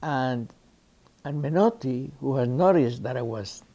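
A man from Cuba tells stories from his career in an interview. He speaks English with a Cuban Spanish accent and a mellow, warm tone, and he acts out the people in his stories as he goes. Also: mid-range voice, measured pace. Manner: lively raconteur who acts out the people he quotes. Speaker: interviewee, actor. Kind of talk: anecdotal storytelling interview.

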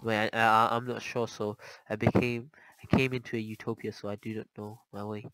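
A man giving casual, chatty commentary over his gameplay, easily startled and quick to panic. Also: lowish voice, level tone, a bit bright, dry recording, rough recording. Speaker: gaming channel host.

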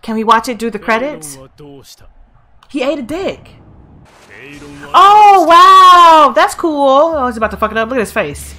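A woman hosting an anime reaction video, talking back to the screen, cursing often and shouting when excited. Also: on the high side, fairly quick. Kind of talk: casual reaction commentary.

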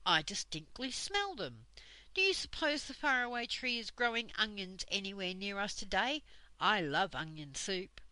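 A woman's voice: medium pitch, big pitch swings, normal speed, pushed and bright, dry recording, poor audio. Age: old. Figure: a woman doing the fussy old saucepan man. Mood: puzzled.

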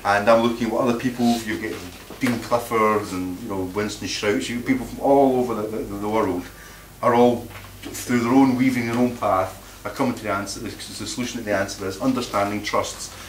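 A man's voice: lowish voice, steady tone, a little fast, hardly any pauses. A man giving a blunt, combative informal talk to a live audience at a meeting, often repeating words as he searches for them. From Scotland. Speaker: meeting speaker. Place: meeting room. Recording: echoey room from far off, faint noise.

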